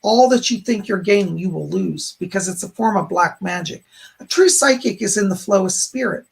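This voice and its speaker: A man live-streams as a psychic medium, giving readings to donating viewers and relaying spirit messages in a rambling way. His voice sits high at a moderate pace and is going hoarse.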